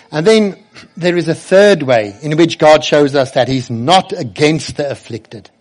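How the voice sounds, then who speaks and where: A man preaching a sermon, emphatic, slowing and rising as he quotes scripture. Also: medium pitch, a little mellow.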